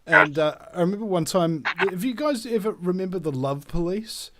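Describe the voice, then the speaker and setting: New man, radio host, slightly high voice, rambling, jokey. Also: expressive, moderate pace, heavy background noise. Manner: rambling, many fillers and restarts, jokey. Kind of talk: casual radio chat, storytelling.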